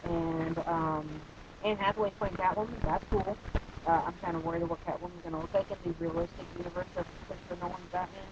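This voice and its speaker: A man's voice: high-pitched, steady tone, quick pace, muffled recording, noisy background. A man giving a casual spoken movie review, hesitant and rambling, with many fillers and blunt opinions.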